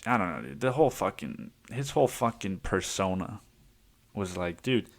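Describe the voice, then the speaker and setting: A podcast host tells a story the loose way, with lots of laughter and plenty of swearing. His voice sits very low for a man. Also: very animated, moderate pace. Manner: rambling, laughs often, swears freely. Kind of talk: casual storytelling monologue.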